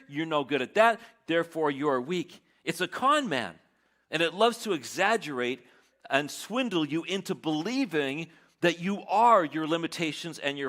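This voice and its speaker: A man's voice: on the high side, fairly bright tone. A man preaching a sermon as pastor, dramatically acting out quoted lines of self-doubt.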